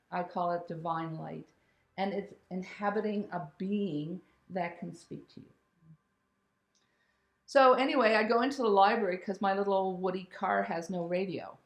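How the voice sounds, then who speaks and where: A woman's voice: mid-range voice, measured pace. Candid woman storyteller, roomy echo. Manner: candid and animated, swears casually and laughs mid-sentence. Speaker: spiritual storyteller. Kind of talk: personal storytelling.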